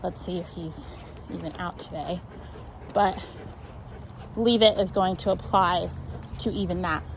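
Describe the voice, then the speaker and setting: A woman's voice: lowish voice, a little slow, noisy background. A woman dog trainer explaining a walk outdoors on a neighborhood street, often checking in with "right?".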